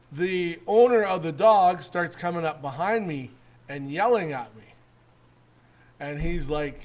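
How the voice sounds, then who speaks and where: A middle-aged man from Canada, hosting his own show and telling a rambling, animated anecdote full of restarts and chuckles. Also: on the high side. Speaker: host. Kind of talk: casual storytelling.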